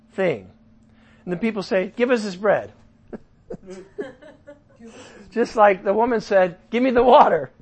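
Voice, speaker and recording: A man preaching a casual sermon, asking his listeners questions and joking as he teaches. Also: sits high. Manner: animated, asks the audience questions, jokes. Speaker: pastor. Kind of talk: sermon Bible study.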